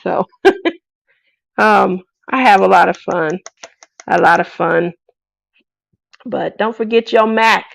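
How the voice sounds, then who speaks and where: Gravelly woman, slow and playful. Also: medium pitch, dry recording. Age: 40s. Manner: playful, laughs often, reads chat aloud. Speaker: craft channel host. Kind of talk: casual live-stream chat.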